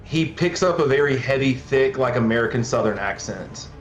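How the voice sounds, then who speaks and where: A man's voice: medium pitch, animated, normal speed, music in the background. Man playing a tabletop game, roomy sound. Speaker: player. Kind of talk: casual tabletop play.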